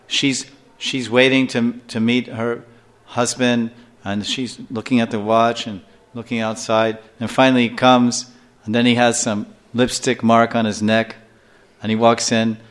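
Older guy giving a scripture talk, acts out the stories, chuckles a lot. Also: mid-range voice. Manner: animated storyteller who acts out scenes and chuckles often. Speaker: spiritual teacher. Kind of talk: scripture class lecture.

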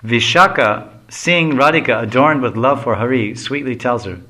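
A man reading a devotional story aloud with a bright, clear voice. He breaks off now and then for casual explaining asides. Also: mid-range voice, normal speed, few pauses. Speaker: reader.

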